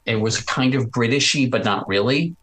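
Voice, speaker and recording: A man being interviewed about his podcast, talking in a chatty, animated way with frequent restarts. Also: mid-range voice, moderate pace, low-quality recording. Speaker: podcast host as guest. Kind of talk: casual interview chat.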